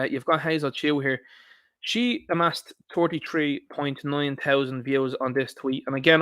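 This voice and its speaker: A man's voice: fairly high pitch, a bit bright, smooth, no room sound, clean studio sound. A man giving a combative, sweary solo commentary as a political commentator.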